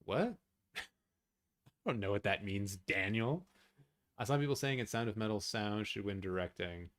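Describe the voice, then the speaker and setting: A man hosting a live watch-along stream, chatting casually with his viewers, swearing often and reacting loudly. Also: lowish voice, moderate pace. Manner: excitable, swears a lot, talks to chat.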